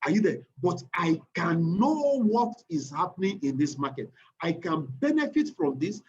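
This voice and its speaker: Animated Nigerian man teaching trading. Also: a little high, normal speed. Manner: animated, repeats phrases, keeps checking the audience. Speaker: trading instructor. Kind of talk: online class lecture. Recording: muffled lo-fi recording with faint noise.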